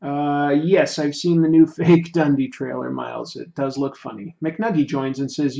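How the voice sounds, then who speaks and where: A man chats loosely with his stream's viewers as he draws, wandering between thoughts and poking fun at himself. His voice sits a little high for a man. The sound is muffled and lo-fi. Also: steady tone, normal speed, creaky, hardly any pauses, warm tone. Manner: rambling, self-deprecating, many fillers. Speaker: livestreaming artist. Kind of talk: casual chat while drawing, answering viewer comments.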